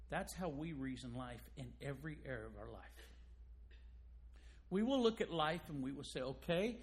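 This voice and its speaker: Male pastor preaching, higher-pitched voice, emphatic and building to loud peaks. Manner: emphatic preaching, rising loud on key points. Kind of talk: sermon.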